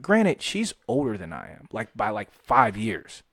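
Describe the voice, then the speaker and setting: A young man co-hosting a podcast tells a story in a lowish voice at normal speed, recorded at studio quality with no room sound. He's animated, swearing and acting out quotes with laughs.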